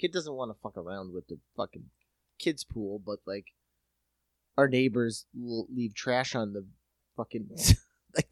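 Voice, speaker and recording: A man chatting casually in a comedic talk, telling profane, animated stories and voicing characters. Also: mid-range voice, no echo. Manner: profane, animated storytelling with voiced impressions. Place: lives in a city.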